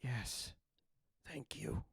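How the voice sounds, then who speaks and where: Man doing a breathy whispering merchant ghost. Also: very slow. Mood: satisfied. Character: whispery ghost of a wealthy male merchant, grudging.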